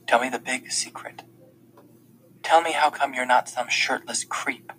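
A man reading a blind teenage girl's lines in a hard, flat, hissing voice, often dropping to a whisper. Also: medium pitch, moderate pace, lightly acted, low-quality recording. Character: blind teenage girl, bitter, scared, tough.

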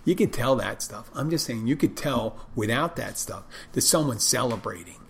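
A gravelly, medium-pitched man talks at normal speed with lively intonation about waiting tables and tending bar. He casually tells stories of dealing with customers and mimics how he greets them, over slight background noise.

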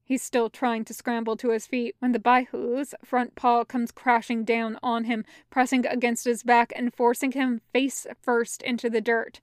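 A woman reading fan fiction aloud as a podfic, in a steady, even narration. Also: on the high side, unhurried, hardly any pauses, clear, resonant tone, dry recording, clean studio sound. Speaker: podfic reader.

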